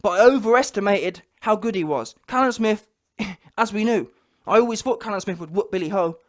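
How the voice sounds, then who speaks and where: A man's voice: sits high, brisk. A man giving a heated, blunt reaction rant about a boxing fight, repeating his points. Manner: heated, blunt, repetitive, mocks others in quoted voices. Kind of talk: ranting reaction commentary.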